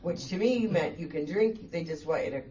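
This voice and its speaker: A woman's voice: sits low, moderate pace, warm tone. A woman guest speaker telling her own story at a meeting, candid and self-mocking, laughing as she talks. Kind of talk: personal storytelling talk. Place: meeting room. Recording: distant, dull, faint room hiss.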